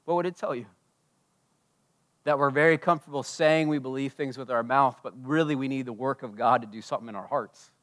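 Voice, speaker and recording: A man preaching a sermon at a church service, impassioned, swinging between loud declarations and hushed asides. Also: mid-range voice, a little fast. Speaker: pastor.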